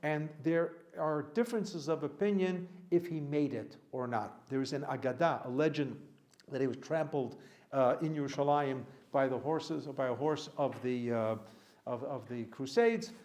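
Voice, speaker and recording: A man's voice: mid-range voice, moderate pace, darkish tone. A middle-aged man, a rabbi giving a casual classroom lecture full of digressions and joking asides.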